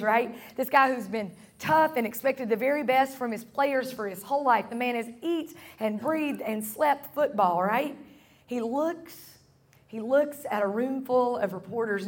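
Earnest woman preaching, higher voice. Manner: earnest, repeats phrases for emphasis. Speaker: pastor. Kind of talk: sermon. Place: church service room.

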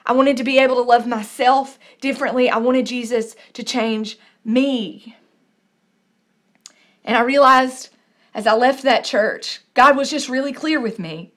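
Woman pastor preaching, high voice, earnest storytelling, lots of repeats. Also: a bit bright. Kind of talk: sermon.

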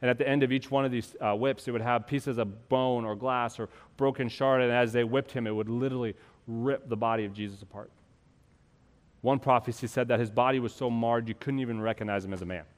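Male pastor, sermon, impassioned, rising loud and falling soft, mid-pitched voice, long hall reverb. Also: fairly even intonation, a little fast. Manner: impassioned preaching, swelling loud then dropping soft. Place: church.

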